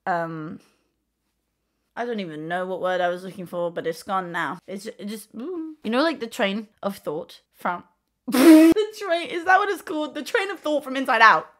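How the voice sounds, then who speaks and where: A young woman in her twenties hosts a rambling, casual monologue in a mid-range, expressive voice at a normal speed. She's chatty, hops from tangent to tangent, swears casually, and sometimes slips into playful put-on accents.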